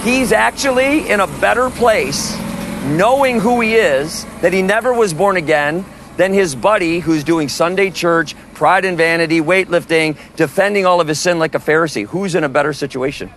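This open-air preacher's male voice sits high and moves at normal speed against background noise. He tells stories with emphasis, quoting others as dialogue he performs.

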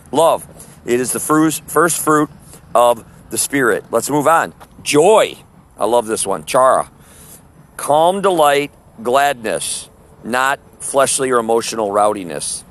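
A man's voice: mid-range voice, fairly bright tone, a little hiss or hum. Emphatic man preaching a Bible study. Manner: emphatic, asks rhetorical questions, drawn-out Greek words. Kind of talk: sermon-style Bible teaching.

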